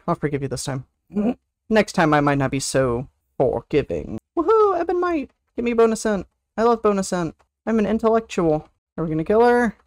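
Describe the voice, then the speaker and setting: Recorded with clean studio sound and no echo, this livestream host has a creaky, medium-pitched voice. Chatting casually through an online game, they tease teammates, hum and sing to themselves, and whoop with excitement when things go well.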